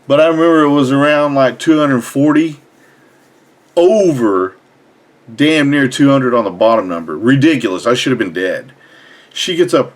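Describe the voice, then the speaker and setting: A young man, telling a personal story in a casual, blunt, profane way. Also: medium pitch. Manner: blunt, profane, animated retelling. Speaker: fitness vlogger.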